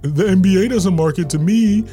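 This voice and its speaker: A man's voice: high voice, moderate pace, mellow, faint music behind, voice pushed up, lightly acted. A man putting on the voice of a whiny young male online sports fan, complaining in a mocking parody.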